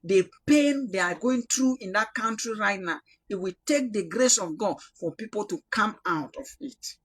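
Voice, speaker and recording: A young Cameroonian man from the Northwest preaching a prophetic sermon, swinging from loud rebuke to quiet prayer. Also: high-pitched, animated, moderate pace, husky. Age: young adult.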